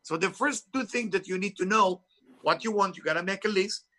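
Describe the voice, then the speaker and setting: In this interview, an author and spiritual teacher with a thick foreign accent talks with emphasis and a preachy, non-native turn of phrase. His high voice moves briskly and sounds pushed and bright.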